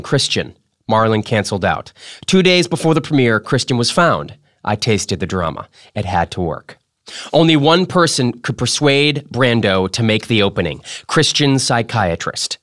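A man hosting a podcast, reading a memoir aloud with dramatic delivery that drops to a hush. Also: medium pitch, no room sound, clean studio sound. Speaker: podcast host.

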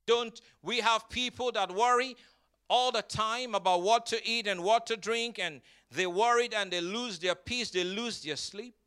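A man's voice: sits high, fairly even intonation, pushed and bright, smooth. A man preaching a sermon as pastor, leading the congregation in call-and-response and stretching out scripture word by word. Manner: drawn-out emphatic scripture reading.

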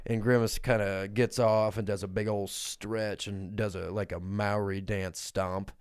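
A man's voice: lowish voice, level tone, a little slow, clear, resonant tone, no echo, studio quality. A man co-hosting a podcast, laughing a lot as he swaps crude, silly improvised stories. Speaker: podcast co-host. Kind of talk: casual comedic improv chat.

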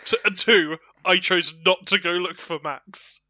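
A man's voice: high-pitched, measured pace, pushed and bright, no room sound. A man bantering casually as a player in a comic story, with dry wisecracks. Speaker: co-host and player. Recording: slightly dull, dry recording.

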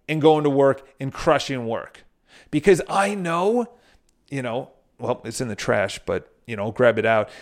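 Higher-voiced man giving motivational talk. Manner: storytelling with frequent restarts and casual swearing; addresses viewers directly. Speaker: motivational speaker. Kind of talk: casual motivational monologue.

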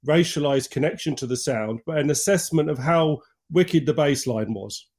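A man's voice: a little high, moderate pace, darkish tone. A man speaking as an academic guest, analytical and full of "kind of" fillers. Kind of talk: analytical discussion.

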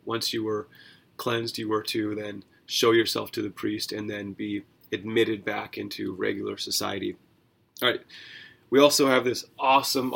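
Male podcast host, low gravelly voice, earnest conversational commentary with asides. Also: fairly bright tone. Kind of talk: devotional Bible commentary.

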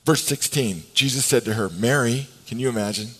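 A man preaching a sermon as pastor. He swings between hushed, slow lines and emphatic, faster bursts, and acts out the voices in the scripture. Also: medium pitch, slightly rough, poor audio.

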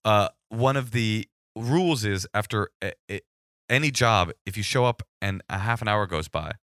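A man's voice: on the low side, normal speed, clean tone, dry recording, clean studio sound. A man casually telling stories about his old work, acting out both sides of phone calls. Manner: animated, acts out callers with sudden shouted bursts. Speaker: guest storyteller. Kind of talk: casual storytelling chat.

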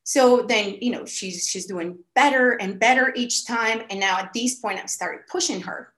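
Kobieta, swobodna opowieść, dość wysoki głos, pogłos pomieszczenia. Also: female voice, a little high, normal speed. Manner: animated storytelling with frequent "like" fillers. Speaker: podcast guest. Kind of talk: casual storytelling. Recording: echoey room.

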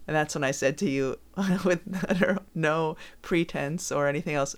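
A woman's voice: low-pitched, normal speed. A woman co-hosting a podcast, teasing her partner in casual chat and laughing often as she talks. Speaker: podcast co-host.

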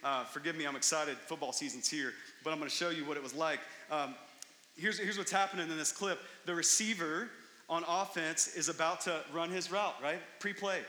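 Pastor, male, high and very bright voice, animated preaching, echoey hall with long reverb. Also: a little fast. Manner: animated storytelling, rising to excited emphasis. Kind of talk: sermon.

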